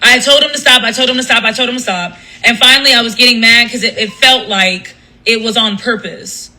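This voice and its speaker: A woman's voice: fairly high pitch, fairly quick, sharp tone, low-quality recording. A woman talks straight to her viewers on a casual livestream, fed up and emphatic. She swears freely and keeps circling back and restarting her sentences. It should sound loose and spoken on the spot, not scripted. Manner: profane, emphatic storytelling with many restarts. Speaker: radio host and live streamer.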